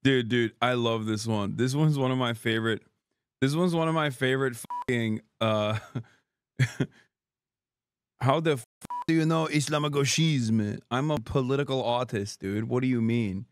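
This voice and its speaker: A man's voice: mid-range voice, normal speed, pauses often, slight background noise. A man hosting a livestream, reacting to news in a casual, sarcastic, profane, joking way. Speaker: streamer host.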